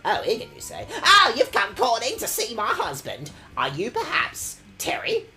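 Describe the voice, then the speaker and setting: A man doing a chatty old lady, bright tone, wildly swooping pitch, sweetly mannered. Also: huge pitch swings, normal speed, faint music behind, exaggerated voice. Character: genteel elderly woman, trainer's wife, chatty.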